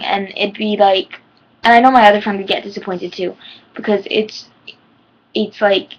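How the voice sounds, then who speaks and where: A woman's voice: medium pitch, fairly even intonation, a little fast, muffled recording. A teenage girl giving personal advice in a rambling, heartfelt vlog, her voice shaking near tears. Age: teens. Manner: rambling, heartfelt, many ums. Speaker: vlogger.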